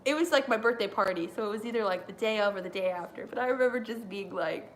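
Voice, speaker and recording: A woman streamer chatting live during a wrestling watch-along, rambling and excitable with lots of fillers. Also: medium pitch, quick pace, slight background noise. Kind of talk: live reaction chat.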